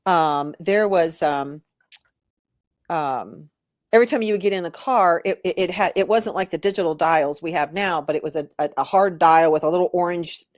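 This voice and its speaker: A woman's voice: fairly low pitch, moderate pace, no room sound, clean studio sound. A woman guest who does readings, talking casually in a rambling way with many restarts. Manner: rambling, restarts, laughs easily. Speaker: guest, intuitive reader. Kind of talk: casual interview chat.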